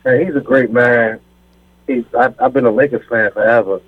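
A man's voice: medium pitch, fairly even intonation, normal speed, slightly rough, no room sound. A man calling into a radio show, brief and enthusiastic. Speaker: caller. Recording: lo-fi radio with faint music.

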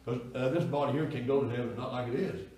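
A man, a pastor preaching a folksy sermon in a church that swells into loud cries. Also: mid-range voice, steady tone, quick pace. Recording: echoey church room from far off.

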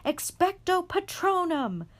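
A woman voicing a desperate teenage boy wizard, yelling and pleading. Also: very high-pitched, sing-song, measured pace, voice pushed up, exaggerated voice.

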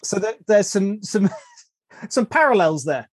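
A man's voice: high-pitched, expressive, measured pace, no echo, clean studio sound. An English man hosting a podcast interview, enthusiastic and often repeating words as he thinks. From England. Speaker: host.

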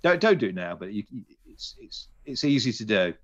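British guy on a podcast, chatty and excited, kinda rambly, audio a bit muffled. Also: on the low side, normal speed. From Britain. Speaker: podcast co-host. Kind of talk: casual chat.

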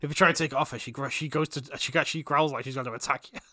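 A young man co-hosting a casual podcast chat, animated and sweary, often laughing and acting out voices. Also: mid-range voice, rapid-fire, slight background noise. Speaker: podcast co-host.

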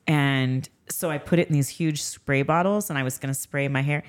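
Low-voiced woman telling stories animatedly. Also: brisk, hardly any pauses. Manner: animated, acts out quoted dialogue, laughs often. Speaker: podcast host and skincare business owner. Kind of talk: casual storytelling chat.

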